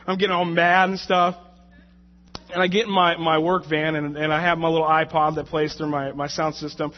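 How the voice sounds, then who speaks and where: Guy preaching casual, tells a jokey story, slightly high voice, gets loud and worked up, kinda dull muffled sound. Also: a little fast. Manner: animated, jokey storytelling with rising, shouted anger in the retold moments. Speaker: lay preacher. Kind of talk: conversational sermon with a personal story.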